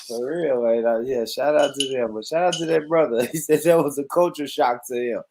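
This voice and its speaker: A man hosting a show, reacting in casual commentary with loud, profane talk and frequent laughter. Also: mid-range voice, a little fast, noisy background. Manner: loud, profane, laughs a lot, addresses viewers.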